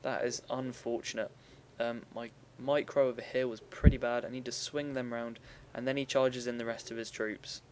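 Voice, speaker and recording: A man's voice: mid-range voice, flat delivery, moderate pace, hardly any pauses, noisy background. Chatty young man commenting on a game. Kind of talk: casual gameplay commentary.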